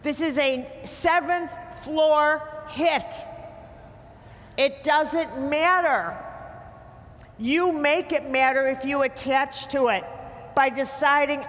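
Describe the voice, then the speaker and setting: A woman's voice: high-pitched, takes it slowly, a bit bright. A woman giving a blunt, emphatic talk to a live audience, teasing her listeners as she lectures. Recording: hall reverb with faint ambience.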